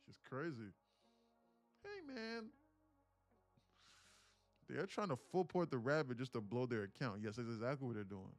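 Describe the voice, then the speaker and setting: A man live-streaming his day trading, telling a story in an animated, profane, rambling way with frequent restarts. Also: medium pitch, moderate pace, long pauses, soft background music.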